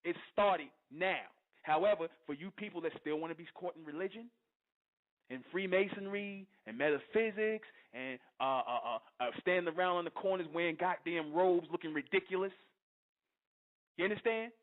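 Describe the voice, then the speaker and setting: A man's voice: high-pitched, moderate pace. A man hosting an internet radio show, delivering a fiery, confrontational monologue and constantly asking his listeners if they understand. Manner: preachy and confrontational, keeps asking "you understand?". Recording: tinny phone-line audio.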